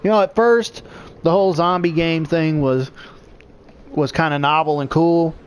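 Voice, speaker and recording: A man's voice: a little high, steady tone, measured pace, smooth. A middle-aged man chatting casually while playing a game, rambling and swearing freely with frequent laughs. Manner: rambling, profane, laughs often. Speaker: gaming vlogger. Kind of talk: casual gameplay chat.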